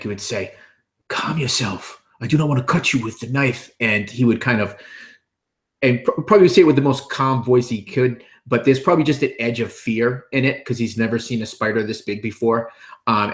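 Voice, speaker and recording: A man's voice: medium pitch, a little fast, roomy sound. A man playing a tabletop game, thoughtfully describing his character's actions with many hesitations. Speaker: player.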